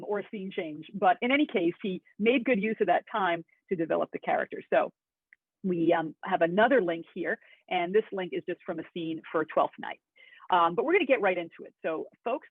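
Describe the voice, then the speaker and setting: Woman acting coach, chatty webinar teacher, husky, phone-thin sound. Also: on the low side, no room sound. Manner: chatty and enthusiastic, with asides. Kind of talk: webinar lesson. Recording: tinny phone-like audio.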